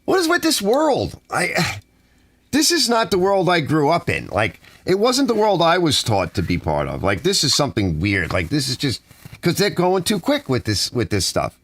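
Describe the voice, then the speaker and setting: Middle-aged male stream host, grumbly and animated, very lively pitch. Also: moderate pace, no room sound. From United States. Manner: grumbling, animated, reads chat aloud. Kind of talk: rambling live stream chat.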